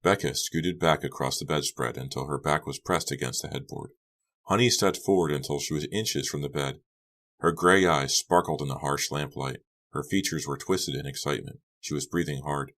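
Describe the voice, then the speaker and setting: This is scripted audiobook narration by a man whose voice is very deep. He tells the story in a steady, measured way.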